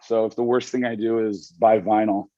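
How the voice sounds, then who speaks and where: Rambling, excitable man on a call. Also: on the low side, moderate pace, dull audio, noisy background. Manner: rambling, enthusiastic, frequent restarts. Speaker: magazine editor guest. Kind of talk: casual interview chat. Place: home with dog and wife nearby.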